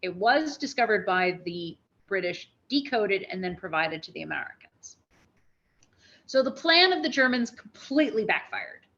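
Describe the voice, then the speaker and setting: A woman giving a spoken history lecture, telling events as a lively story with restarts and asides. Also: mid-range voice, normal speed, lo-fi sound.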